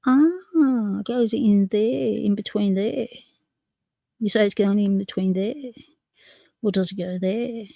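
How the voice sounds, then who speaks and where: Woman, casual livestream host, mid-pitched, chatty, hands-on, dry room sound. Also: takes it slowly, vocal fry, long pauses, mellow, no room sound. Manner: chatty, narrating while tinkering, reading chat aloud. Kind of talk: casual live stream chat.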